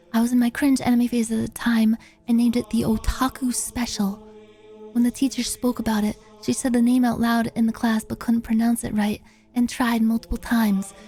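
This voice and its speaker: Animated high-voiced woman streamer. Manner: animated, playful, swears casually. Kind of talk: casual livestream chat, reading viewer submissions.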